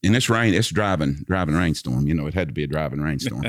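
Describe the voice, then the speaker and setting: A man's voice: rumbling low, lively intonation, fast, dry recording, clean studio sound. A man telling a personal story in casual conversation. He is a vivid storyteller who recites long passages from memory.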